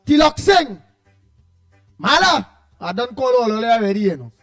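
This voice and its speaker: A Trinidadian man with a strikingly high voice hosts a casual morning radio chat. He rambles and calls out listeners' names one after another. Soft music plays faintly behind him. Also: big pitch swings, moderate pace. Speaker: radio host.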